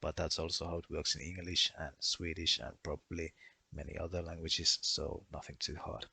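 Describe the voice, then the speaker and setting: Very deep-voiced man explaining methodically. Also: flat delivery, normal speed, gravelly, sharp tone, slightly rough. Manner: methodical, listing one example after another. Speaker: language explainer. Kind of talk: explanatory voice-over lesson.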